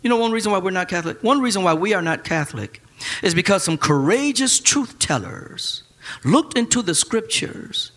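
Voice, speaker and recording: Lively male pastor, bright, ringing tone, mixes slang and scripture, shouts the peaks. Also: moderate pace. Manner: animated, joking, shouting at high points; casual churchy speech with slang. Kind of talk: sermon.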